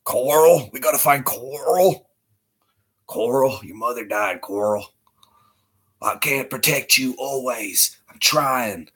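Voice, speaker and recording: A man putting on the voice of a weary, gruff male sheriff who leads a group of survivors, hushed and strained. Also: mid-range voice, takes it slowly. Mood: pleading.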